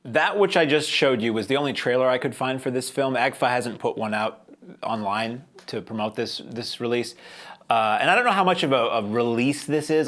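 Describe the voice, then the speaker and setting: A man's voice: medium pitch, a bit bright. A man hosting a film review show, talking casually in a chatty, wry, rambling way with lots of fillers.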